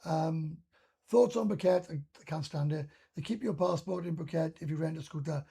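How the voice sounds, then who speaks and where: Gravelly-voiced Welsh man chatting live. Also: fairly high pitch, moderate pace, mellow. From Wales. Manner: blunt and sweary, lots of restarts. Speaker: live stream host. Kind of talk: casual live chat reading comments.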